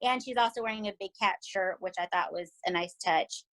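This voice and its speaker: A woman with a Southern US accent, co-hosting a podcast and recapping a TV series in animated, emphatic casual chat. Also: medium pitch, fairly quick, a little hiss or hum, rough recording. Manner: animated and emphatic, often asking "right?". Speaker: podcast co-host.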